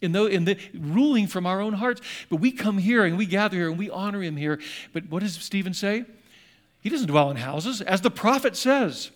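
Preacher guy, pretty high voice, gets loud then drops to a hush, acts out the bible voices. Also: lively intonation, moderate pace. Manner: dramatic, voices the scripture speakers, swings between loud and hushed. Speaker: pastor. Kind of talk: sermon. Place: church sanctuary.

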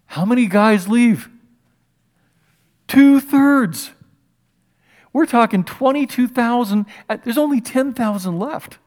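Guy preaching, high voice for a man, animated and chatty, keeps asking the crowd stuff. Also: slow, pauses often. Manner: animated, conversational, asks the audience questions. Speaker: pastor. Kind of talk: sermon, animated Bible storytelling.

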